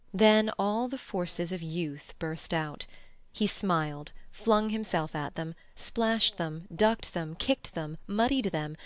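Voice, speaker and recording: A woman reading a classic novel as an audiobook narrator in a measured, even manner on a close studio microphone. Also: lowish voice. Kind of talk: scripted narration.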